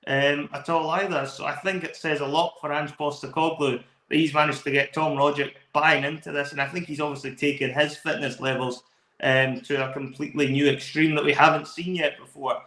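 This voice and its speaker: A Scottish co-host on a football podcast talks at length and with enthusiasm about a match, his takes long and flowing. He sounds a little high and a little fast, with a level, sharp tone, recorded in an echoey room.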